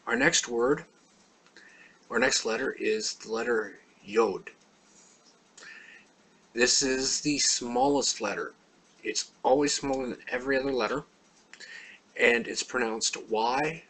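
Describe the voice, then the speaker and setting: Husky guy teaching letters, patient, says each word twice slow. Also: mid-range voice, fairly bright tone. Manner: plain, patient explaining with slow repeated words. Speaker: language teacher. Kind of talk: alphabet lesson.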